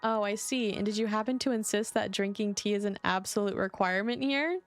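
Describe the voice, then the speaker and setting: A woman reads a gentle male tea keeper with calm, polite, stiffly formal speech. The delivery is unhurried, with faint music behind. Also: medium pitch, lightly acted.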